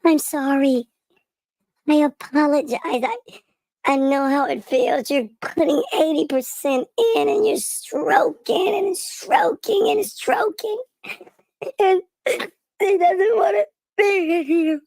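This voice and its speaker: A man's voice: very high-pitched, slow pace, gravelly, darkish tone, dry recording, pitched above the performer's own voice, full character voice, low-quality recording. A man mockingly voicing a whiny, heartbroken male caller who pleads for advice.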